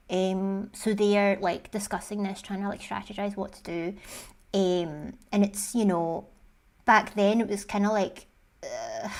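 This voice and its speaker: A woman hosting a video, casually retelling a story in a chatty way, full of "like" and swearing. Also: mid-range voice. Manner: chatty, swears often, says "like" a lot. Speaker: video host.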